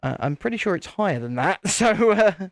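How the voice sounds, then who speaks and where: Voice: medium pitch, big pitch swings, normal speed, dry recording, clean studio sound. A host chatting casually on a live stream while building, rambling and repeating phrases.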